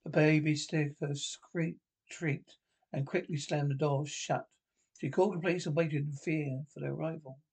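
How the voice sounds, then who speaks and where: A man reading a spooky story aloud, halting and stumbling over his words. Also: on the high side, steady tone, gravelly, darkish tone, husky. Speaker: narrator.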